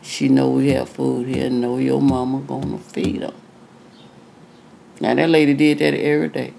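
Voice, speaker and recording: Very deep, gravelly, and warm, this retired singer's voice has a flat delivery at a moderate pace, with slight background noise. She's an older woman chatting through an interview, performing the dialogue in her stories and frequently saying "you know."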